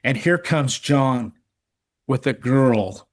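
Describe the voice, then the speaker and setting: A man's voice: mid-range voice, animated, slow pace. A middle-aged man telling a personal recovery story in casual chat, earnest, often repeating words and restarting. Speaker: recovery podcast guest.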